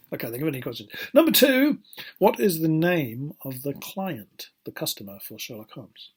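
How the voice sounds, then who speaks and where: Husky-voiced male teacher. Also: mid-range voice. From England. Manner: chatty, rambling, self-correcting, playful. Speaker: English teacher. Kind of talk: casual recorded classroom lesson.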